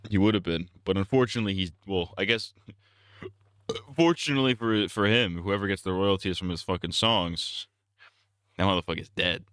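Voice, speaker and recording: Low, blunt, profane male streamer. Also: moderate pace, fairly bright tone, clear, resonant tone, no echo, studio quality. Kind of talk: casual live-stream rant.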